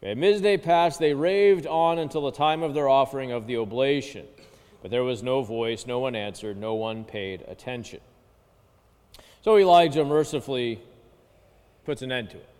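A man's voice: mid-range voice, moderate pace, a little mellow, clear, resonant tone. A male pastor giving a conversational sermon, often checking in with "okay" and "right". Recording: long hall reverb.

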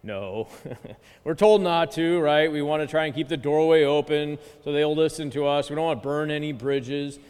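A man's voice: fairly high pitch, normal speed, darkish tone, clean tone. A male pastor giving a conversational sermon, often checking in with "okay" and "right". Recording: long hall reverb.

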